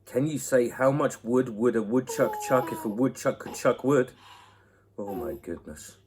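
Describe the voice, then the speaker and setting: A man's voice: mid-range voice, a little slow, noisy background. A young man, host of his own channel, answering viewer questions in a playful, laugh-filled chat at home into a laptop mic. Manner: playful, laughs often, chats to a baby.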